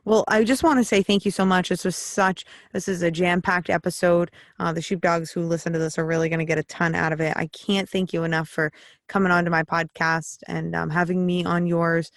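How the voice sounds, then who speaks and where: A woman's voice: fairly low pitch, level tone, a little fast, no echo, clean studio sound. A woman hosting a podcast in casual interview chat, frank and rambling, swearing freely as she talks. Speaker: podcast host.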